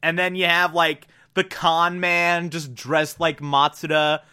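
Giggly chatty podcast host, bright tone. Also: mid-range voice, little pitch movement, takes it slowly, clear, resonant tone. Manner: chatty, giggly, many filler words. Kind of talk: casual episode recap.

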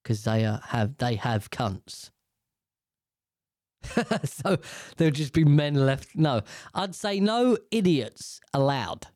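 A man's voice: medium pitch, expressive, slow pace, long pauses, darkish tone, no echo. A British man from the UK in a casual, rambling monologue, swearing freely and airing strong opinions. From United Kingdom.

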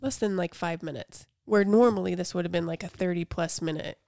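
Woman on a podcast rambling about her kids, says like a lot, lowish voice, dry sound. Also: brisk, vocal fry, darkish tone, no echo. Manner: chatty, fills with "like". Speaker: podcast co-host. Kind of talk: casual chat.

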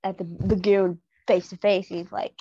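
A woman's voice: medium pitch, flat delivery, a little slow, mellow, husky, dry recording, muffled recording. A woman co-hosting a podcast, chatting casually and with amusement about a TV episode. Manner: laughing, chatty commentary. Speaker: podcast co-host.

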